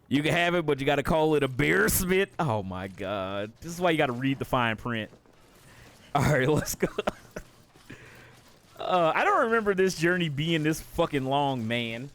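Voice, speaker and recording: A man's voice: medium pitch, expressive, normal speed, a bit bright. A man streaming a game live, rambling in profane, casual commentary and laughing often.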